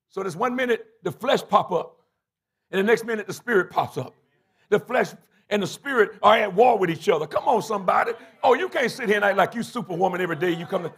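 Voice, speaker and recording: A husky-voiced male bishop preaches in church, breaking into shouts and call-outs to the congregation. His voice sits high and swoops widely up and down as he acts out the voices he quotes. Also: lively intonation, fast talker. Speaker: bishop and pastor. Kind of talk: sermon. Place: church sanctuary.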